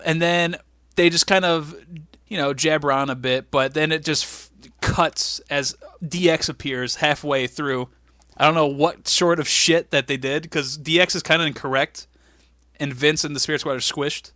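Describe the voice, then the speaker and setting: A man's voice: on the high side, fairly bright tone, no room sound, studio quality. A man hosting a casual podcast, recapping a wrestling show in a joking, rambling way. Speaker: podcast host.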